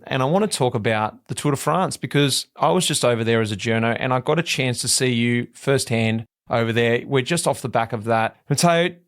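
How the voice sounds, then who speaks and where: A man hosting a podcast, chatty and animated as he tells stories. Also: mid-range voice. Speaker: podcast host, former pro cyclist. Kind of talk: casual podcast interview.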